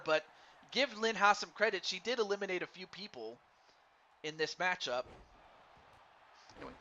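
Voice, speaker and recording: A man doing live play-by-play commentary on a wrestling game for a stream, excitable and stumbling over his words while chatting with viewers. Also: fairly high pitch. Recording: dull lo-fi stream mic with faint noise.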